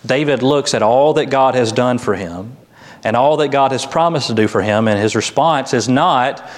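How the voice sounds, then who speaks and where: A man's voice: medium pitch, moderate pace. Man preaching a conversational sermon. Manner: conversational, with light humor and animated quoted voices. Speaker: pastor.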